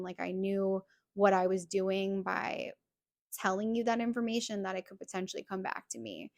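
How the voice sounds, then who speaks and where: A woman's voice: mid-range voice, moderate pace, vocal fry, a little mellow, no room sound, clean studio sound. A woman hosting a podcast, candidly telling a personal story and recounting back-and-forth dialogue in a casual way. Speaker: podcast host.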